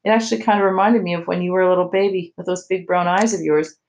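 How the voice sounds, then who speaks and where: A woman voicing a gentle, caring mother who patiently coaxes her son in a storybook reading. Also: fairly low pitch, steady tone, fast talker, natural voice, low-quality recording. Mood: coaxing. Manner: patient, coaxing.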